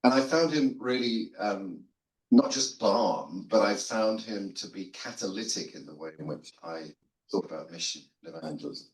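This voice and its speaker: Older man, lowish voice, panel guest, self-deprecating storyteller, frequent restarts, roomy echo. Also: lively intonation, normal speed. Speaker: guest theologian on a seminary panel. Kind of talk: conversational panel talk. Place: seminary lunch room.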